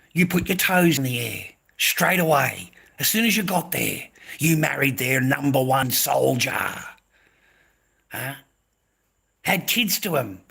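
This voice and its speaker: A man's voice: medium pitch, lively intonation, slow pace, gravelly, fairly bright tone. A man with an Australian accent, delivering a heated, profane and confrontational rant to camera, often repeating himself. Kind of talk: angry ranting monologue to camera.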